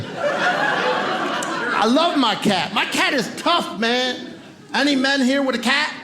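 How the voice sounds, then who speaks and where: Stand-up comic, man in his forties, high voice with a bouncy, lively delivery, working the room. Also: unhurried, pauses often. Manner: punchy crowd banter, riffing. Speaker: stand-up comedian. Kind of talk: stand-up set. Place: comedy club stage. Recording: roomy live club with loud crowd noise.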